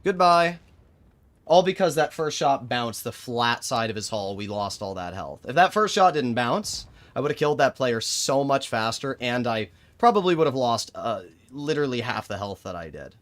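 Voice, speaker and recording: A man's voice: medium pitch, sing-song, normal speed, hardly any pauses. Sarcastic young man streaming a tank game. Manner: exasperated, sarcastic, talks to chat and team. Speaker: gaming streamer. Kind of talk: live gameplay commentary.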